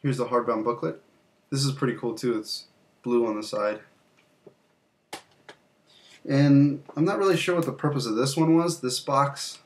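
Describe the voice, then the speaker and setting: A man's voice: mid-range voice, moderate pace, pauses often. Young guy rambling casually about his game stash, mid voice, swears a bit. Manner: loose, rambling, with fillers and mild swearing. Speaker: channel host. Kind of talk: casual game collection show-and-tell.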